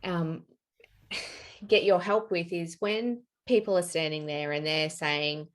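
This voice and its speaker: A woman podcast host asking thoughtful questions and warmly affirming her guest's points. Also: lowish voice, steady tone, takes it slowly. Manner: affirming, thoughtful, frequent agreeing. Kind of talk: interview conversation.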